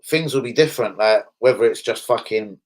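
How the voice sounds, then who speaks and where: A man with a London accent hosts a casual livestream, talking bluntly to his viewers and swearing freely. His voice is medium-pitched and fairly quick, and the audio is poor.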